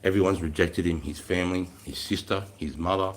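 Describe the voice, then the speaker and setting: A middle-aged man with an Australian accent talks in a casual, rambling way, frank and full of swearing. His voice sits a little low, and he tells his stories like a veteran chatting to a live audience. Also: steady tone, fairly quick. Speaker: military veteran hosting a live stream. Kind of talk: casual storytelling chat.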